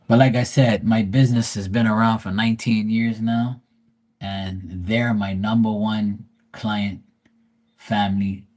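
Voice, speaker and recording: A man's voice: lowish voice, a little mellow. A man hosting a livestream, telling rambling family stories in a blunt, teasing way and swearing freely. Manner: rambling with many fillers and asides. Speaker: tarot reader and livestream host. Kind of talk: casual storytelling.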